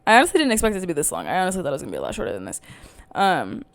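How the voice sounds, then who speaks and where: A woman's voice: fairly low pitch, wildly swooping pitch, rapid-fire, creaky. Young woman rambling candidly on her podcast. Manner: rambling, candid, swears freely, filler-heavy. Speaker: podcast host. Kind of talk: casual solo podcast chat. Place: at home, talking to camera.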